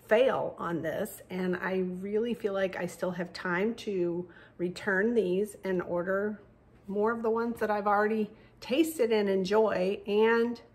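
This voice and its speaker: A middle-aged woman talking casually for her diet vlog from her parked car, chatty, with fillers and self-corrections. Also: medium pitch. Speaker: vlogger.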